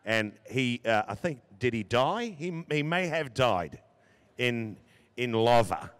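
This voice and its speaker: A man's voice: mid-range voice, sing-song, slow pace. A man chatting casually as a voice actor on a convention panel, laid-back and hesitant. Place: large convention hall.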